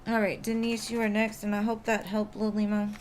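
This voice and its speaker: Woman, mid-pitched, casual tarot reader on a live stream, chatty and reassuring, faint noise behind. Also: monotone, brisk, a little mellow. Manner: reassuring, chatty, many fillers like "like".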